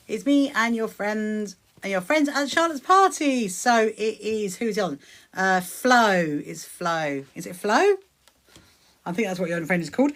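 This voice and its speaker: A woman's voice: medium pitch, fairly bright tone. A woman hosting a casual sewing livestream from her home sewing room. She chats in an upbeat way, greets viewers by name and laughs often. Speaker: livestream host. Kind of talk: casual live-stream chat while sewing.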